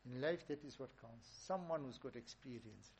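A man's voice: medium pitch, expressive, moderate pace, slight background noise, low-quality recording. Emphatic male preacher. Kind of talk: sermon storytelling.

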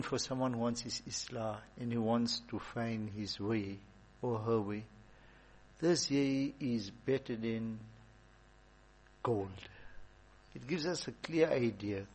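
Guy teaching a religious class, kinda husky, chatty storyteller. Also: medium pitch, a little slow, darkish tone, low-quality recording. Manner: storytelling, conversational, repeats points for emphasis. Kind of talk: informal Islamic talk.

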